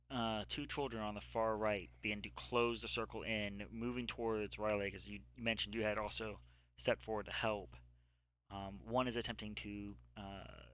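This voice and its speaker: Bright-voiced male game master. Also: lowish voice, clear, resonant tone. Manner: descriptive narration with frequent fillers. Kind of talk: narrating a tabletop game.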